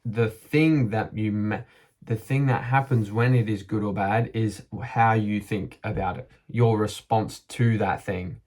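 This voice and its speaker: Male vlogger, lower voice, earnest and upbeat, casual pep talk to camera. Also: fairly even intonation, unhurried, a little mellow. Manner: upbeat and earnest, chuckles often, thinks aloud.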